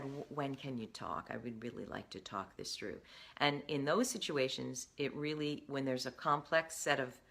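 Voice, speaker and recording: A woman's voice: extremely low pitch, sharp tone. A middle-aged woman coaching viewers directly, earnest and emphatic, checking in with the listener as she explains. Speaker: career coach. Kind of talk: direct-to-camera advice talk.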